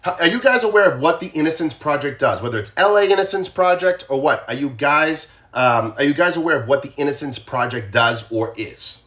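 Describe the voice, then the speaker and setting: A man's voice: fairly high pitch, lively intonation, brisk, few pauses, fairly bright tone. A man with a Boston accent hosting a casual true crime livestream, talking straight to viewers and repeating his questions to them.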